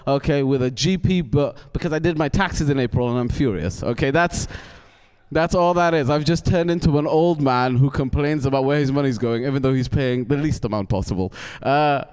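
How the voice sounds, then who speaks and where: A man's voice: mid-range voice, brisk, a little mellow, clear, resonant tone, long reverb tail. A young man from Wales doing a stand-up comedy set on a theatre stage, ranting in a cantankerous way with stammered restarts and questions to the crowd. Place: theatre stage before a live audience.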